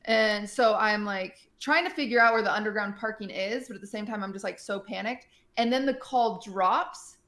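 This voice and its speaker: A woman streamer in casual chat, telling a story in an animated way, full of fillers and acted-out quotes. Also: mid-range voice, moderate pace, few pauses.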